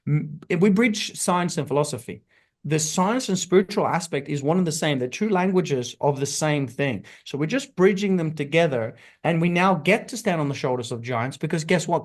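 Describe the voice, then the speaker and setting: A man as a podcast guest, speaking emphatically and telling a parable at a slow, deliberate storytelling pace. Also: fairly high pitch, lively intonation. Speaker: guest, spiritual teacher. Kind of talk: podcast interview.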